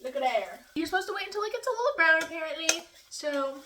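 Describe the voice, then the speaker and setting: A woman's voice: extremely high pitch, expressive, fast talker, distant mic, background noise. Chatty young woman, echoey off-mic kitchen. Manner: chatty, rambling, giggly. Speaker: vlogger. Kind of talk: casual storytelling while cooking. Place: home kitchen.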